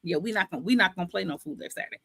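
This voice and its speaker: A woman's voice: on the low side, rapid-fire, vocal fry, sharp tone. A woman with a New York accent hosting a live book club interview, playful and teasing, full of slang. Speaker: host.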